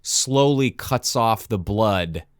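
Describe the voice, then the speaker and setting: Guy with a lowish voice telling a movie plot, bouncy, does little voices for the lines, dry close mic. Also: takes it slowly, smooth, no room sound. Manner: animated storyteller acting out quoted lines. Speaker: podcast co-host. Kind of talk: casual movie recap.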